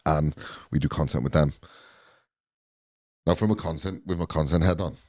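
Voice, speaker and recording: Host, man, late 30s, very low dark voice, easygoing delivery, dry close sound. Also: fairly even intonation, moderate pace, dry recording. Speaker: podcast host. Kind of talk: casual chat.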